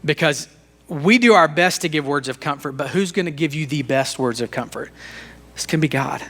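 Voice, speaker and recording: A man teaches on a faith-based leadership podcast in a relaxed, conversational way. His voice sits a little high and sounds bright and forward. He speaks openly about his own struggles and often repeats words as he finds his thought. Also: a little fast. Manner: earnest, conversational, self-disclosing; repeats words and restarts sentences. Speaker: podcast co-host.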